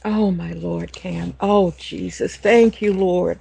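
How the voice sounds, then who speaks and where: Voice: medium pitch, steady tone, slow, creaky, slightly rough. The host of a faith interview, speaking emphatically and praising the guest's story. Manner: emphatic, warm exclamations of praise.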